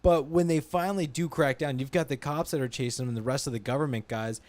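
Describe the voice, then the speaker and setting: A man in a casual movie podcast chat, excited and rambling, swearing casually. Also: mid-range voice, fast talker.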